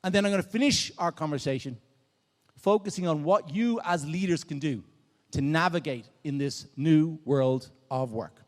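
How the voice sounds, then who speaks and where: A man's voice: fairly high pitch, normal speed. Upbeat Irish man in a big hall. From Dublin, Ireland. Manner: upbeat, drawing the crowd in with show-of-hands questions. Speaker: conference keynote speaker. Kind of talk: energetic interactive stage talk. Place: large conference hall on stage. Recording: long reverb of a big hall.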